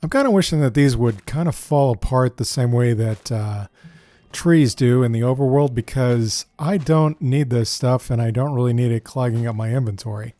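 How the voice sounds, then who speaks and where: Gameplay commentator: man, mellow tone, chatty, thinks out loud, casual delivery. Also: mid-range voice, normal speed, no room sound. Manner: chatty, thinks aloud, often says "dude". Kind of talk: casual let's-play commentary.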